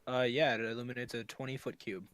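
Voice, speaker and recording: A man's voice: mid-range voice, fairly even intonation, fast talker, fairly bright tone, no echo. A man playing a tabletop game, talking casually with blunt, profane banter. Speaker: player.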